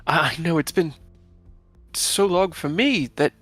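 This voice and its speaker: A gentle, bookish woman scholar speaks softly and haltingly in a tabletop game, as a man puts her on. Her words falter and sink into whispers. Faint music runs underneath. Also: a little high, animated, husky, voice pushed up, full character voice. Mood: delighted, flustered. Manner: soft-spoken, halting, drifting into whispers.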